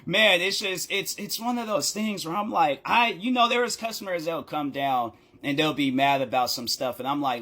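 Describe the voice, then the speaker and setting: A man tells a rambling story time vlog in a slightly high, bright, forward voice. He talks casually and with lots of energy, laughing often and slipping into acted-out quotes as he goes. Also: moderate pace, hardly any pauses. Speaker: content creator.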